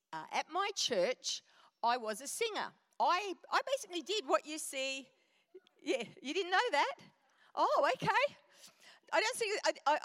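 Animated woman speaker in church hall. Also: high-pitched. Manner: animated, storytelling. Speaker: guest speaker. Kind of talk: women's church event talk. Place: church auditorium.

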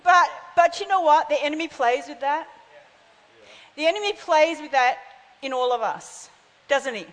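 Woman in her 50s giving a sermon, fairly high voice, long hall echo, acts out little voices in her stories. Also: animated, moderate pace, a bit bright. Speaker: preacher. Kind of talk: sermon with storytelling.

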